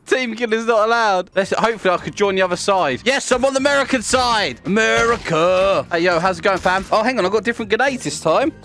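A young man with a British accent talks through his gameplay in a high, lively voice that jumps all over the place. He bursts into shouts and laughter easily. Light music plays faintly behind him. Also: fairly quick, few pauses. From Britain. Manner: excitable, loud outbursts and laughter. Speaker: gaming YouTuber. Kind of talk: casual gameplay commentary.

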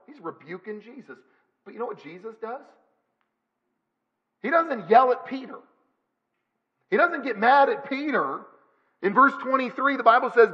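A man's voice: extremely high pitch, big pitch swings, moderate pace, lo-fi sound. A male pastor preaching a sermon in a church, emphatic, with repeated phrases. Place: church sanctuary.

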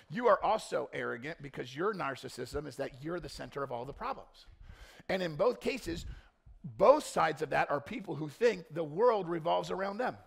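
A male pastor preaching a blunt sermon, dropping to quiet intensity and then rising into loud, mocking quoted voices. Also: a little high, gravelly, husky.

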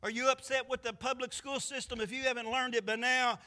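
A man's voice: very high-pitched, level tone, fairly quick, bright, forceful tone. A man preaching a sermon as pastor, firing off rhetorical questions with impassioned force. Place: church sanctuary.

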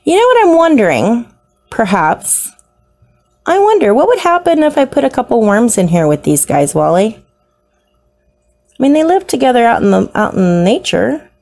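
A woman's voice: fairly high pitch, very animated, normal speed, creaky, pauses often, darkish tone, faint music behind. A woman narrating a casual unboxing of her new pets, gushing and slipping into baby talk. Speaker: isopod hobbyist vlogger.

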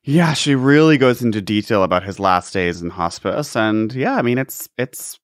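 A man's voice: fairly low pitch, lively intonation, normal speed, no room sound, studio quality. A man co-hosting a podcast in casual gossip chat, sarcastic and riffing, leaning on "like". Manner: sarcastic, riffing, heavy use of "like". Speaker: podcast co-host.

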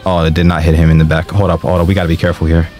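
A young man commenting on his own gameplay, excitable and slangy, often yelling and trash-talking the game as he plays. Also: sits low, very fast, soft background music. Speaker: gaming streamer.

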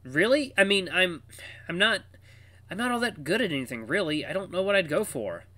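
An earnest young furry man who stumbles over his words and pleads, a little higher than an everyday voice, as a man reads him. His pitch moves around a lot. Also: animated, fairly quick, pushed and bright, no echo. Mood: hesitant.

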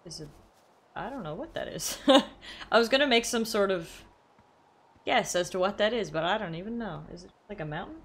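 A woman streaming a game and talking through it live, excitable, shrieking, laughing and swearing when things go wrong, and reading the on-screen text aloud. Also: medium pitch, fairly quick. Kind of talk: live gameplay commentary.

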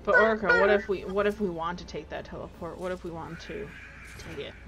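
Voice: medium pitch, brisk, low-quality recording. A streamer chatting and joking with friends while playing an online game. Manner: teasing, joking. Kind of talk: casual chat while gaming.

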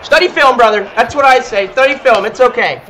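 A young man streaming a football video game, teasing his opponent with playful trash talk between quick play calls. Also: very high-pitched, bright, forceful tone, low-quality recording. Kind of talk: casual gaming stream chat.

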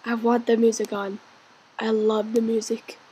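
A woman hosting a let's play, chatting excitably as she plays, cheering her character on and sometimes dropping into a whisper. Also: fairly high pitch, moderate pace, a little hiss or hum. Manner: drops into whispers now and then. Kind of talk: gaming commentary.

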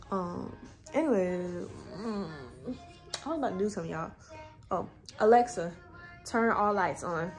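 A woman's voice: mid-range voice, expressive, slow pace, pauses often, faint music behind. A young woman chatting casually to her viewers in a phone vlog from her bedroom, loose and slangy, swearing freely. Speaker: vlogger. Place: bedroom at home. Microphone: phone camera.

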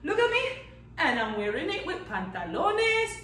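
A woman teaching a children's Spanish lesson in a playful, animated way. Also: very high voice, normal speed, roomy sound, far from the mic, poor audio. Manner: animated and playful, claps out syllables, counts down magic tricks.

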